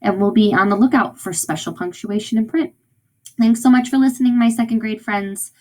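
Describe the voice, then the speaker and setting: A woman's voice: a little high, fairly quick, a little mellow. Encouraging woman teaching young children. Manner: encouraging, often checks in with "right?" and "okay?". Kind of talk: recorded read-aloud lesson for young children.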